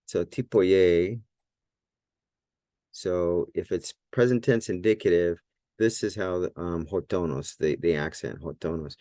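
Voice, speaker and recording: Low-voiced male tutor, relaxed and full of fillers, dry close recording. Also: unhurried, no echo. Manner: relaxed, thinking aloud with many fillers and restarts. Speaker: Greek teacher. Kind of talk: whiteboard language lesson.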